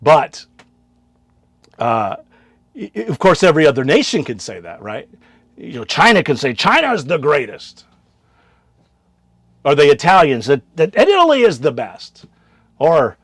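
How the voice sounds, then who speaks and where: A man, a missionary and show host, preaching in a casual monologue, firing rhetorical questions and swinging between loud bursts and quiet asides. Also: on the high side, sing-song, moderate pace, dry recording, studio quality. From United States.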